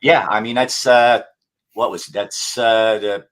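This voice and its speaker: A man's voice: on the low side, fairly even intonation, a little slow, fairly bright tone. A man talking casually as a podcast guest, rambling with many fillers and restarts. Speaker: guest paranormal investigator.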